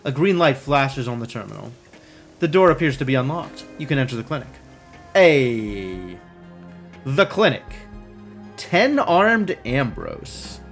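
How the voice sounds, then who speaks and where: A man's voice: mid-range voice, very animated, measured pace, vocal fry, faint music behind. A man streaming a game, reading its text aloud and adding wry, musing asides.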